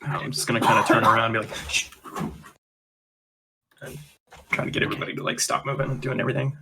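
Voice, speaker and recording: A man playing in a tabletop game, asking quick, eager questions. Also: mid-range voice, steady tone, bright, forceful tone, slight background noise. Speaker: player.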